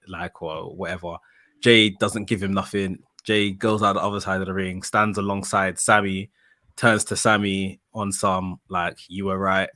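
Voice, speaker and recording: A man on a podcast, recapping events at length in a steady, explanatory way. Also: sits low, dry recording, studio quality. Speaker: podcast co-host. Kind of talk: casual podcast analysis.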